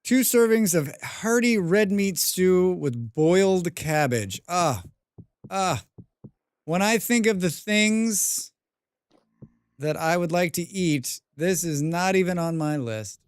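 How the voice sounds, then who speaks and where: On a live stream of a survival game, a man chats loosely with viewers, reading their messages aloud and replying with dry, rambling jokes, humming and mumbling to himself in between. His voice is a little high for a man, with lively intonation, a slow pace, and a clean tone. The recording is dry, close, and dead, with no room sound.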